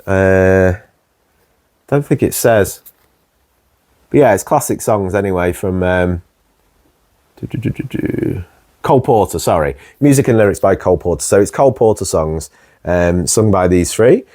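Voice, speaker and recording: A man hosting his own video, chatting casually and warmly about his record collection, rambling with plenty of ums. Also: low-pitched, normal speed. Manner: relaxed and rambling, many ums, warm enthusiasm. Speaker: host.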